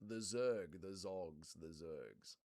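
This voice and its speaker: A man's voice: low-pitched, slow pace, a little mellow. A man with an Australian accent hosting a livestream, swearing and bantering as he mocks his chat. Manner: profane, bantering, mocking. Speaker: livestream host. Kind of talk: casual livestream chat, reading viewer comments.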